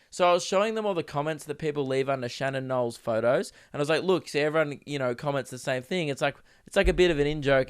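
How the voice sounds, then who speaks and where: A man's voice: fairly high pitch, clean tone. A young Australian man, a podcast host who is sick, rambling through a casual solo rant with lots of swearing and restarts. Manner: rambling, self-interrupting, swears freely, acts out quoted voices. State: sick, coughing.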